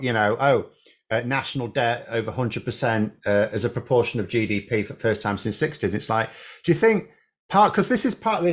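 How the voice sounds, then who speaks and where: A man co-hosting a casual political chat, explaining his points emphatically and arguing them through. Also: mid-range voice. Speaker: podcast co-host, former teacher.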